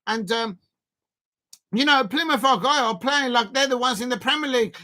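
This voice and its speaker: A man streaming a football watch-along, chatting casually and bursting into excited shouts at the match. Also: extremely high pitch, a little fast. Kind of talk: casual live commentary.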